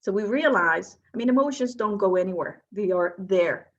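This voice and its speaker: A woman's voice: medium pitch, animated, moderate pace, highs cut off. Woman coach leading a workshop. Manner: asks the audience questions, explanatory. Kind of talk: presenting a workshop talk.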